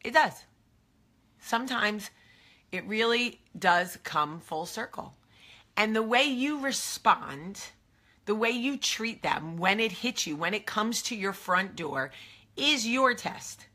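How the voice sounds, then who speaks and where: A woman's voice: medium pitch, expressive, slow pace, sharp tone. A woman with a New Jersey accent hosting a casual chat to camera. She talks in a confiding way and keeps drifting into asides. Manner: chatty and confiding, trailing off into asides. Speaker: host.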